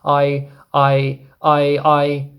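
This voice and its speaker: A fussy, timid earthworm in a storybook, squeaking up in panic and stammering out his refusals, as a man puts him on. The voice is loud and pitched high, with a gravelly edge. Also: completely flat delivery, extremely slow, exaggerated voice. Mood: alarmed.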